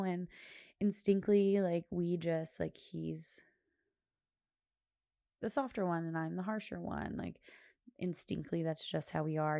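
Gravelly low-voiced woman chatting. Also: warm tone, dry recording, clean studio sound. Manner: rambling, filler-heavy storytelling. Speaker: podcast host. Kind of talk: casual chat.

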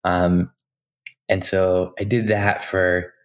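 A man in his forties with a very deep, low voice, talking casually as an interview guest. He tells his stories loosely, with lots of fillers and restarts, and the delivery stays relaxed and conversational. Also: takes it slowly. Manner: chatty, anecdotal, many fillers and restarts, laughs often. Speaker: interview guest, design executive.

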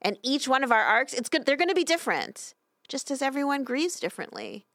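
A middle-aged woman rabbi giving a sermon in a synagogue, telling a story with lively voices for its characters. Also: high-pitched, a little fast, no echo, clean studio sound. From Canada. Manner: storytelling, expressive voices for quoted angels. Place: synagogue sanctuary.

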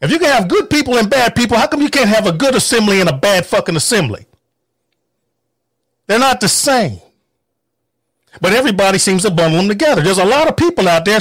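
A man's voice: high voice, a bit bright, no echo. A man venting in an angry, profane political rant, heated and emphatic. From North Carolina, US. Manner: mocking quoted voices.

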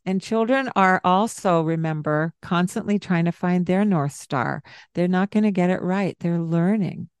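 A woman co-hosting a parenting podcast, talking in a calm, gentle way and explaining with examples. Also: lowish voice, moderate pace, clean tone, no echo. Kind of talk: casual podcast advice.

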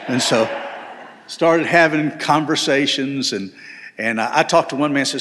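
A man's voice: mid-range voice, a little slow, a bit bright. Man, middle-aged, pastor preaching a sermon, earnest and emphatic, long church reverb. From Southern United States. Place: large church sanctuary.

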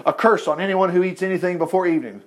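A man's voice: high-pitched, fast, lightly acted. A man reading the lines of a rash, proud king giving harsh commands. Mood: commanding. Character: rash proud male king barking orders.

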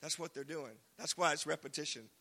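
A man preaching a casual, joking sermon, now and then shouting single words for emphasis. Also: a little high, a little fast. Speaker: pastor. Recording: long hall reverb.

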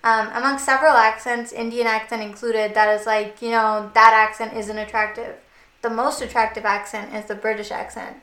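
A woman's voice: a little high, level tone, moderate pace, a bit bright, roomy sound. A young woman co-hosting a casual chat, talking loosely with lots of "like". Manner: chatty, fillers of "like".

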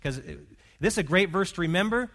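A man's voice: sits high, lively intonation, fast, gravelly, a bit bright. A man preaching a sermon as pastor, earnest and pastoral, leading his congregation in prayer and reading. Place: church hall.

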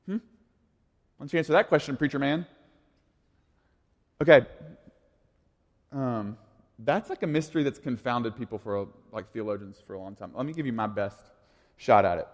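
A man's voice: mid-range voice, expressive, normal speed, pauses often. A man in his thirties giving a casual, conversational sermon as a youth pastor, in an echoey hall. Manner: casual, conversational, full of "like" and restarts.

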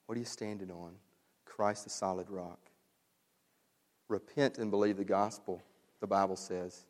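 Man, pastor, low voice, earnest sermon, exhorting, long church reverb. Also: steady tone, a little slow, pauses often, a little mellow. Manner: earnest, exhorting, repeats key phrases. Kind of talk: sermon with closing prayer. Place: church sanctuary.

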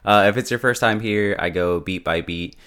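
A chatty man recapping a TV episode beat by beat, with a low-set, smooth and resonant voice. He talks loosely, cracking jokes and laughing along the way. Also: moderate pace, fairly bright tone. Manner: chatty, laughs often, quips. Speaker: show reviewer.

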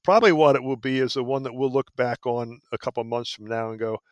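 A man's voice: mid-range voice, fast talker, no room sound. A man hosting a podcast, wrapping up the show in a chatty, jokey way. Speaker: podcast host. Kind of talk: casual podcast talk.

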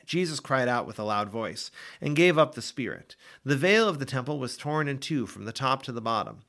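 A man reading scripture aloud for a daily Bible podcast, with an expressive, dramatic delivery. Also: medium pitch, a little fast, creaky. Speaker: Bible reader.

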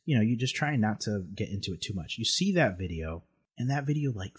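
A man with a low, slightly husky voice speaks in a relaxed, conversational way. He tells a personal story earnestly and reflectively, and his feeling comes through as he talks. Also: a little fast. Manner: earnest, reflective, emotional at times.

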